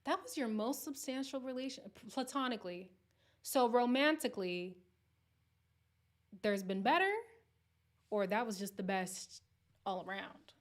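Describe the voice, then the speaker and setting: Animated woman hosting a live chat. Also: on the high side, a little slow, pauses often. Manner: animated, exclaiming and reacting to comments. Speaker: host of a live recap stream. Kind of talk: casual live chat answering viewers.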